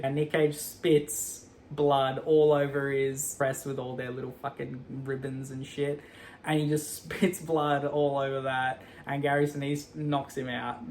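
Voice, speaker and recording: A man giving a casual, animated film recap, acting out the characters' lines as he goes. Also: on the high side, normal speed, slight background noise. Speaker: movie recap commentator.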